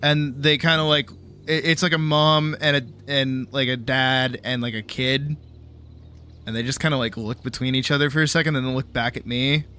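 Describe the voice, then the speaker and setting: A man from Boston, a streamer telling a goofy travel story in a casual, animated way, swearing freely. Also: medium pitch, moderate pace, clean tone. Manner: animated, swears, laughs often.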